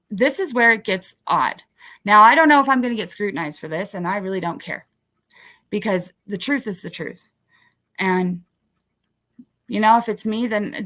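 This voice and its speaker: A woman at a conference workshop telling her own story as she shows documents, with an emotional delivery that breaks off, restarts and climbs high when she is indignant. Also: a bit bright. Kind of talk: personal story told while showing documents.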